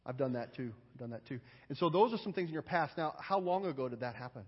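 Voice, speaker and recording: With a husky, medium-pitched voice, this man talks fast and animatedly while delivering a children's sermon as pastor. He draws the children out with question after question, frequently repeating words at the start of sentences, all captured in dull lo-fi sound with long hall reverb.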